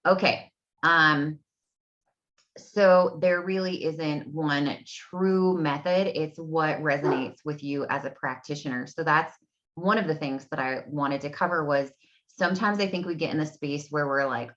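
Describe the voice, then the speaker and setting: A low-pitched woman in her thirties talks casually from home as an energy healing coach, wandering from point to point with plenty of "um" and "you know." Her voice sits deep for a woman. The sound is dull and lo-fi, like a simple home recording. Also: steady tone, a little slow, a bit bright. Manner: chatty, rambling, many fillers. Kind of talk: casual solo talk to camera. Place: home room. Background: dogs barking.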